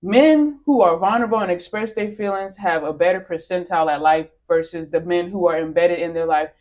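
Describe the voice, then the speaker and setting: A woman speaking emphatically in a casual podcast chat, telling stories with animated, punchy delivery. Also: on the low side, fairly quick.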